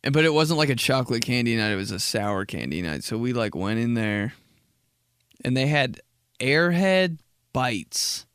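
A young man hosting a podcast, rambling through a comic story and dropping into slow, low voices when he quotes people. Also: big pitch swings, a bit bright, clear, resonant tone, dry recording, clean studio sound. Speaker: podcast host. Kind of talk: casual comedic monologue.

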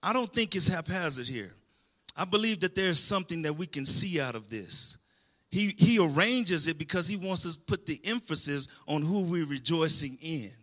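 A man's voice: fairly high pitch, expressive, normal speed, sharp tone. A man preaching a sermon, calling out to the congregation and rising into emphatic bursts.

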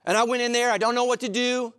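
A middle-aged man preaching a sermon, telling stories animatedly, moving between loud excitement and low, earnest intensity. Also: quick pace, dry recording, studio quality. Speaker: pastor.

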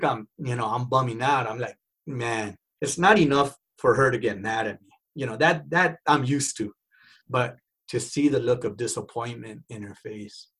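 A man telling a personal story in an animated way, swinging from loud to hushed and mixing Spanish phrases into his English. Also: medium pitch, breathy edge, low-quality recording.

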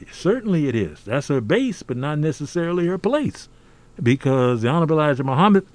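An older American man speaks in a mid-range, slightly mellow voice as a guest in a conversational podcast interview. He talks emphatically, almost like a preacher, and keeps tacking on "see?"

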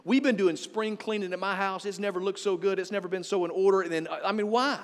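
A man preaching a sermon as pastor, energetic, quoting scripture with emphasis. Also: high voice, fast talker. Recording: reverberant church hall.

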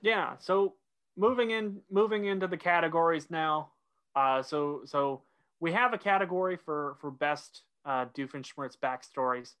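A man's voice: on the high side, a little slow, fairly bright tone, clean tone. A man co-hosting a casual podcast, walking through an episode step by step and leading the segments. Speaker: podcast co-host.

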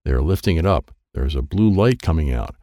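Deep gravelly man reading a kids' story. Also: brisk, no echo, studio quality. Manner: expressive, playful read with sound effects. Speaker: audiobook narrator.

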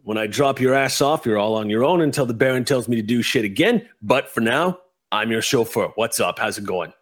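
A man's voice: mid-range voice, animated, fairly quick, close to an everyday voice. A man doing a crude, pushy redcap. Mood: gruff. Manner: talks around a lollipop, crude and pushy. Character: crude male redcap chauffeur with a lollipop.

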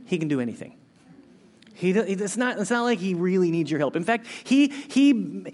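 A high-pitched male pastor delivering a sermon. He talks earnestly and conversationally, often restarting his sentences, and his voice climbs and presses when he drives a point home, then drops low and slow for quiet reflection.

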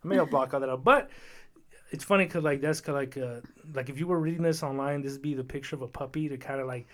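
A man co-hosting a casual podcast chat, rambling and lively, full of fillers and restarts. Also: mid-range voice, fast. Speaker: podcast co-host.

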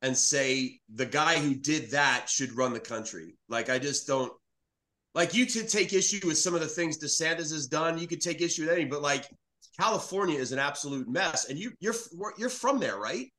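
A man from New York City talks in casual podcast chat, blunt and animated, dropping swear words as he goes. His voice sits a little high and comes across bright and forceful. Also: normal speed. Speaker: podcast guest.

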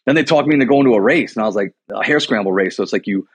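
Racing along in a husky, lowish voice with lively intonation, a combat sports coach from Milwaukee, USA, rambles through a casual chat as a guest. He trains fighters in boxing and Muay Thai, peppers his stories with "like" and "you know," and there's no room sound.

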